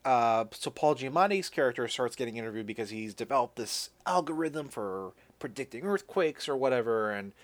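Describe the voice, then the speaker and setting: Speaking a little fast and with few pauses, a man with an expressive mid-range voice hosts a podcast where he casually recaps a movie. He restarts his sentences often and swears offhandedly.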